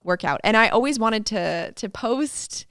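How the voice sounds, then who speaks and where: A woman guest and fitness coach chatting in an interview, a lively storyteller who laughs often and acts out what people said. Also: fairly high pitch, a little slow, clean tone, dry recording, studio quality. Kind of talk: casual interview chat.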